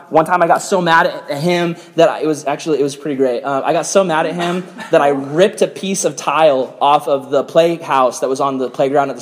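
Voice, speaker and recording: A young man giving a casual sermon to a youth group, telling stories in an animated way with many filler "like"s. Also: a little high. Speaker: youth pastor. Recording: reverberant hall.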